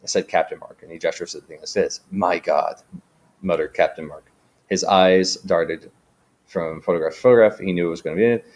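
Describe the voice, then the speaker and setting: Low-voiced man teaching, full of ums. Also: fairly quick. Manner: relaxed, frequent ums and restarts. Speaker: writing teacher. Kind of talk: casual explanatory lesson.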